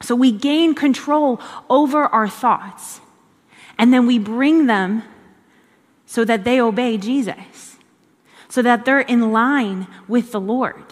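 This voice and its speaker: A woman's voice: fairly high pitch, slow. A woman giving a conversational devotional teaching in an earnest way, repeating phrases for emphasis. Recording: long hall reverb.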